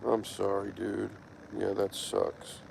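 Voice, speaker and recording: A man casually chatting on a livestream in a halting, meandering way full of ums, gently coaxing a cat at times, recorded outdoors. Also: on the low side, completely flat delivery, gravelly. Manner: coaxing and tender when speaking to a cat. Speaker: livestream host. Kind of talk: casual rambling livestream chat. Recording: noisy outdoor recording with passing traffic.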